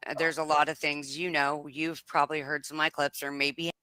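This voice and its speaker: A guest speaking hesitantly on a live stream, pausing with fillers. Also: medium pitch, flat delivery, bright, forceful tone, a little hiss or hum. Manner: hesitant, halting. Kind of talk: casual talk on a live stream.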